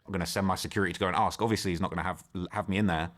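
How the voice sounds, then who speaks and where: A man's voice: deep voice, steady tone, racing, a bit bright. A man guesting on an interview, animatedly retelling a story in slangy speech and acting out what others said.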